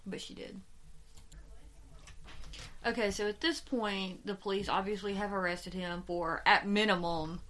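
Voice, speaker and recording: A woman's voice: medium pitch, slight background noise. A woman co-hosting a true-crime podcast, chatting casually and swearing freely as she retells the case. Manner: animated, swears freely, quick rambling retelling. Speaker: podcast co-host.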